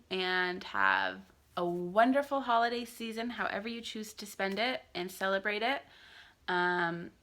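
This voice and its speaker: Gravelly bright-voiced young woman vlogger. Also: medium pitch. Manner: chatty, with many filler "um"s. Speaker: parenting vlogger. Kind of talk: vlog sign-off to viewers.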